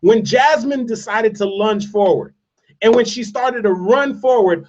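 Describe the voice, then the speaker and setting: A man's voice: high-pitched, a little slow, darkish tone. A man giving a motivational speech, telling a story with emphatic repetition. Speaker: motivational speaker. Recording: distant, dull lo-fi sound.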